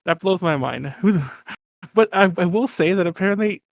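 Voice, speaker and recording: Podcast co-host, male, higher voice, rambly and loose, dry close mic. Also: animated, moderate pace, creaky, no echo. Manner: rambling, lots of fillers and restarts, laughs often. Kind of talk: casual chat.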